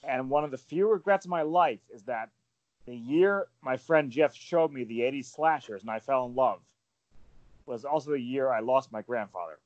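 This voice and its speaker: Male host in his 40s, animated storyteller, dull dry remote mic sound. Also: medium pitch, moderate pace, no room sound. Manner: animated, storytelling, frequent fillers. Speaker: podcast panel host. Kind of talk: casual panel chat.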